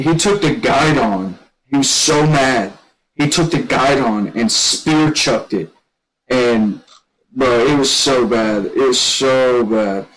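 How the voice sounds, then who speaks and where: A man telling a long story in casual chat. He rambles and restarts a lot, and shouts when he quotes other people. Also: mid-range voice, low-quality recording. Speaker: gaming streamer telling a story.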